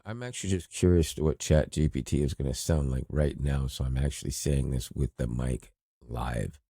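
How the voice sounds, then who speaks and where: A middle-aged man from Toronto, co-hosting a podcast in casual, expressive chat with frequent restarts. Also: extremely low pitch, normal speed, no room sound, studio quality. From Toronto, Canada. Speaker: podcast co-host.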